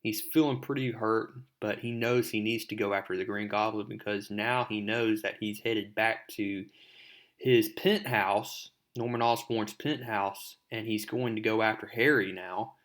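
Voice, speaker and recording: A man's voice: lowish voice, fairly even intonation, a little slow, a bit bright. A man casually retelling a comic book story, rambling and using many fillers.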